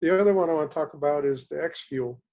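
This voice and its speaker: On an online group call, a man talks fast in a fairly high, darkish voice, with the high frequencies cut off. He casually rambles through an anecdotal product testimonial from a hotel room, restarting his sentences now and then.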